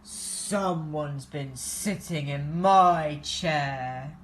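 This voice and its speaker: Woman doing a slow, gruff papa bear. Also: deep voice, a little hiss or hum, voice pushed down. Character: big gruff father bear.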